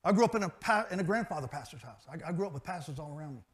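A man preaching a sermon, swinging between loud emphatic peaks and quiet asides. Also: a little high, animated, racing. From grew up in a pastor's family.

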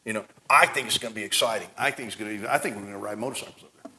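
A middle-aged man preaching a sermon in a folksy, conversational way, swinging between loud emphatic lines and soft low asides. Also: very fast. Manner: folksy and conversational, laughs and tells family stories. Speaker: pastor.

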